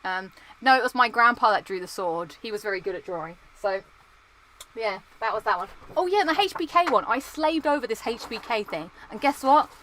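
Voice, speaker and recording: A young woman from Britain chatting casually and excitably, looking through old belongings and coughing now and then from dust. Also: fairly high pitch, a little fast, a little hiss or hum, poor audio. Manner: chatty, excitable, sings entrance themes. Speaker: vlogger. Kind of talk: casual chat.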